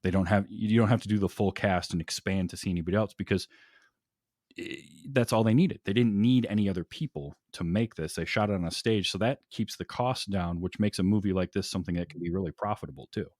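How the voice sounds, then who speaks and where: A man's voice: low-pitched, fast talker, darkish tone, dry recording, clean studio sound. A man chatting casually on a movie podcast, enthusiastic and laughing often, restarting his sentences as he goes. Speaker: podcast guest.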